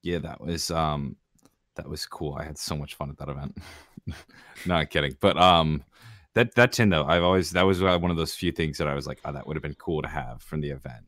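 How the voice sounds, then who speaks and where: Male podcast co-host, relaxed chatter, extremely deep voice, dry close sound. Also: a little fast, no echo. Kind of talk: casual chat.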